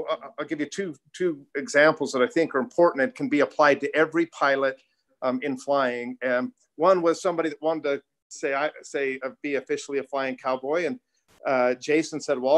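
A middle-aged man on a panel, earnestly telling a story and acting out the voices of the people he quotes. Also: a little high. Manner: earnest, anecdotal, quotes others in lively voices. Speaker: panel speaker, pilot group co-founder.

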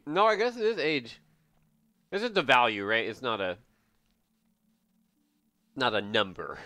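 A man streaming a video game, giving live commentary in an excitable, joking way as he thinks aloud. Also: mid-range voice, dry recording.

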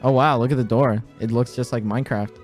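A man doing a flat, dry, monotone impression of a young male YouTuber, droning and mock-sincere. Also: mid-range voice, fast, faint music behind, pitched below the performer's own voice, close to an everyday voice.

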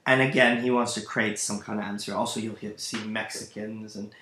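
A man's voice: lowish voice, steady tone, fairly quick, sharp tone, a little hiss or hum. A man teaching a literature lesson, thinking aloud and speaking directly to his students as he explains a play. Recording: echoey room.

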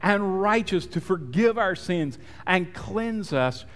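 Slow, reverberant male preacher. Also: high-pitched, animated, a bit bright. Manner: storytelling preacher, acts out quotes. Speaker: pastor. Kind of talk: sermon. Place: church sanctuary.

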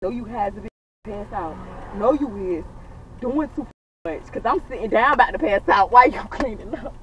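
A high-pitched woman, venting on the phone to a friend with profane exasperation. She is recorded from across the car by a dashboard camera, sounding distant and muffled under steady road noise. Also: normal speed. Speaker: rideshare passenger on a phone call. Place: back seat of a moving car.

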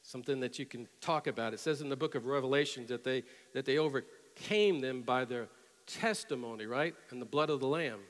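A middle-aged male pastor preaching a sermon, telling stories and rising to loud, emphatic peaks. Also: medium pitch, a little fast. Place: church sanctuary with long reverb. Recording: reverberant church hall.

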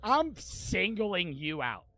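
A young man streaming a horror game, swearing constantly and repeating himself as he swings between muttering and yelling. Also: sits high, very animated, takes it slowly, a little hiss or hum. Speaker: gaming streamer. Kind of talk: frustrated let's-play commentary.

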